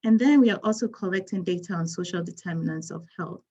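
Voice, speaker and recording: A woman's voice: lowish voice, fast talker, dark tone, husky, lo-fi sound. A woman from Ghana, a physician speaking on a panel, telling her story in an earnest, emphatic way. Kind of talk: panel talk.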